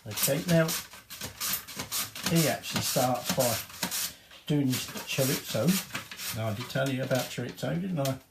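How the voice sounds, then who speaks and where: Bloke cooking at home, rambly and sweary, echoey room, noisy. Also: male voice, mid-range voice, a little slow, gravelly, long pauses. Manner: chatty, rambling, sweary asides. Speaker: home cook. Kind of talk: casual cooking demonstration.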